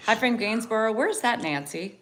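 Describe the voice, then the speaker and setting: A woman's voice: a little high, animated, moderate pace, a bit bright. A tired middle-aged woman, co-hosting a home livestream, blunt and swearing, yawning between greetings. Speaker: livestream co-host. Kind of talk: casual livestream chat.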